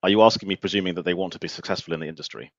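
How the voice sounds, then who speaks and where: A man's voice: sits low, steady tone, very fast, dry recording, muffled recording. A man hosting a live-stream interview, blunt and joking, with emphatic opinions and mild swearing. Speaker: podcast host.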